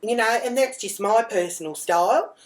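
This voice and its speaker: A woman's voice: on the high side, moderate pace. A woman, a mother telling a comic story in character, blunt and crude, swearing freely and rambling off on asides.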